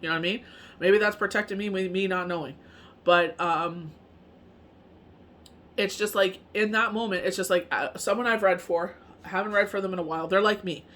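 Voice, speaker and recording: A woman's voice: mid-range voice, fairly even intonation, normal speed, a bit bright. A woman who reads tarot, talking in a casual, rambling monologue full of fillers. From Canada. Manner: rambling, heavy on fillers like "you know what I mean". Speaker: tarot reader and medium.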